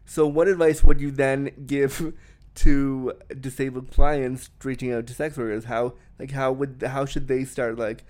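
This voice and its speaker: A man's voice: mid-range voice, level tone, a little slow, darkish tone. A young man talking frankly in a conversation, laughing often and restarting his sentences. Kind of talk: candid conversation.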